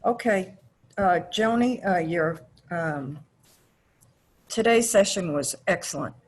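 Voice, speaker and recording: A woman taking part in an online class, offering a suggestion in a slow, halting way with restarts, over a video call. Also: on the low side, expressive, breathy edge. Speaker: class participant. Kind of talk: call-in comment.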